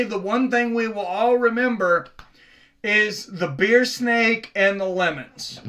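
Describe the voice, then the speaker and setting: Bright, high-voiced man streaming sports. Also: takes it slowly. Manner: casual, rambling, chatty with viewers. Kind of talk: live play-by-play reaction stream.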